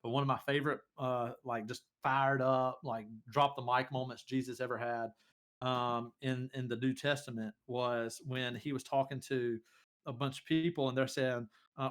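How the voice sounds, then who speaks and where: A man's voice: medium pitch, little pitch movement, normal speed, a bit bright. A young man hosting a casual faith talk show, speaking with loose enthusiasm and lots of fillers. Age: young adult. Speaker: host.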